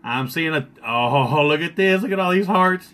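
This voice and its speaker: A man's voice: on the high side, expressive, normal speed, a crowd in the background. A man doing a joking live-stream makeup session, teasing and boastful.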